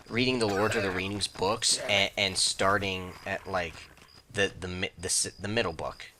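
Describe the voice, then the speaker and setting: A young man talks his way through a game session in a bright, forward voice that sits a little low, and he rambles and doubles back mid-sentence. Faint crickets and clicks run behind him. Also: a little hiss or hum. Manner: rambling, chatty, self-interrupting; breaks into squeaky high mock voices. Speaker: let's play host. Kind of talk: casual gameplay commentary.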